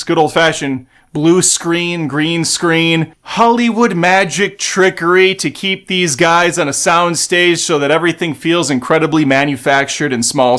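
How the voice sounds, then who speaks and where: A man with a fairly high voice riffs through a trailer in casual reaction commentary. He is sarcastic and snarky, swears freely and keeps jumping into animated, excited bursts. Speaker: movie trailer reaction host.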